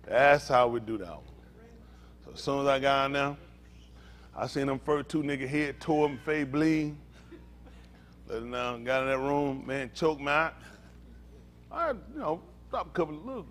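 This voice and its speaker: A man, a pastor telling lively, laughing stories in a sermon, full of slang. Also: medium pitch, normal speed, long pauses, slight background noise. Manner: animated, laughing storytelling with Southern slang. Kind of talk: storytelling sermon.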